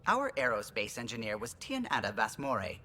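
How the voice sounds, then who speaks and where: A man's voice: mid-range voice, huge pitch swings, normal speed, bright, forceful tone, slight background noise. An actor playing a friendly alien male ship pilot who talks proudly about his ship.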